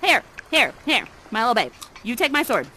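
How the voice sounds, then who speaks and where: A woman's voice: a little high, big pitch swings, moderate pace, bright, forceful tone, slight background noise. A doting mischievous exiled mother sorceress. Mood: playful coaxing. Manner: doting, coaxing, playfully dramatic. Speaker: immersive theater actor. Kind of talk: live interactive theater performance.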